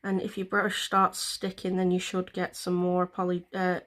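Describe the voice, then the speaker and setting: A woman's voice: fairly low pitch, completely flat delivery, moderate pace, a bit bright. A woman vlogger, explaining a nail tutorial in a chatty, rambling way with plenty of fillers. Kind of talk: casual step-by-step tutorial.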